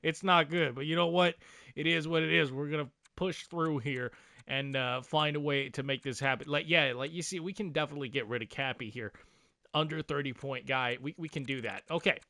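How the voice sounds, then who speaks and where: A man's voice: fairly high pitch, fairly quick, dry recording. Male gaming commentator, loose casual hype, words slurred from medication, dry close mic. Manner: excitable, hypes his team, swears casually. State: slurring speech after dental surgery. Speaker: gaming video creator.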